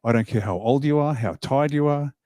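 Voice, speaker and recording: Brief: man, motivational speaker, mellow tone, dry close sound, emphatic with jokes. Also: medium pitch, a little fast, dry recording. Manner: emphatic, animated, jokes with the crowd. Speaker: party leader giving a speech. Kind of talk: motivational public speech. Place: event hall.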